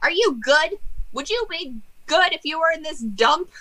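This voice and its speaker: A woman's voice: high-pitched, expressive, normal speed, bright, forceful tone, pitched above the performer's own voice. A woman doing a cheeky scrawny jester ghost. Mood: grumpy. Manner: cheeky, snide, childish.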